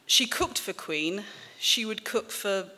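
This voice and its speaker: A woman author in her forties, from the English-Welsh border country, reading a memoir aloud to an audience in a wry, measured way with dry asides. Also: mid-range voice, expressive, sharp tone. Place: stage in a hall. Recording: reverberant hall.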